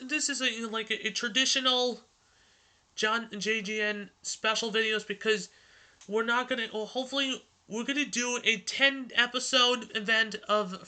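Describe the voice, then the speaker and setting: An excitable male host who rambles in a casual vlog, breaking off and restarting his sentences. His voice sits high and sounds very bright. The tone is smooth and clear. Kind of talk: casual vlog and storybook reading.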